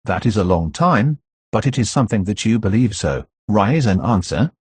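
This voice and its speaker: Brief: man voicing a cool, enigmatic count, husky and low, storybook read. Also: big pitch swings, normal speed, darkish tone, no room sound. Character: commanding, enigmatic nobleman, the Count.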